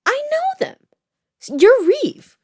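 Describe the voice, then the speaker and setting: A woman's voice: very high-pitched, big pitch swings, takes it slowly, dark tone, pitched above the performer's own voice, heavily acted. A woman voicing a shifty young guy. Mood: friendly, eager. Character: young man, friendly then menacing stranger.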